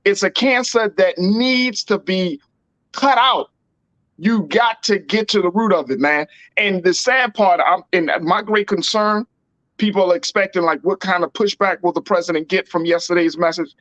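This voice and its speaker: A man's voice: sits high, normal speed, a bit bright, no echo, highs cut off. A man hosting a political talk show, speaking in an emphatic, slangy and repetitive way. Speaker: host.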